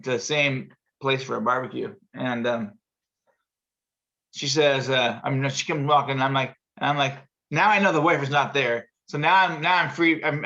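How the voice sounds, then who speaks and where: A man with a bright, forceful voice tells a long, rambling story in casual chat. He acts out the people in it with sudden high jumps in his voice. The audio sounds slightly dull and muffled, as over a video call. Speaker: show host telling a story.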